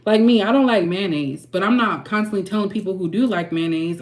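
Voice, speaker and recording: A woman tarot reader and channel host, ranting frankly and heatedly to her viewers and clearing her throat often. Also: medium pitch, brisk. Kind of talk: candid ranting vlog.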